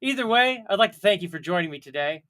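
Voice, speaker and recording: A man's voice: high voice, lively intonation, fast, fairly bright tone. Rambling, self-mocking man on a livestream. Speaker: livestream host. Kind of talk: casual solo livestream chat.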